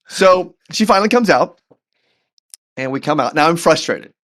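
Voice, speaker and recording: A man as a podcast guest telling a personal story in an animated, earnest way, often repeating words as he goes. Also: fairly high pitch, measured pace, long pauses. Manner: faith-centered, earnest. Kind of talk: storytelling in conversation.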